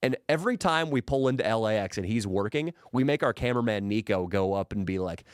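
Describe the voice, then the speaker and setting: A man telling a crude story in a casual podcast chat, profane and animated. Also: fast talker, few pauses, smooth, dry recording, clean studio sound. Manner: animated, profane, mimics people in high put-on voices. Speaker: podcast guest.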